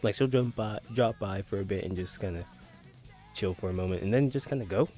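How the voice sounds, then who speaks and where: A man's voice: lowish voice, brisk, mellow, faint music behind. A young man streaming in a social VR game, joking crudely and laughing often in casual chat. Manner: giggly, joking, crude banter.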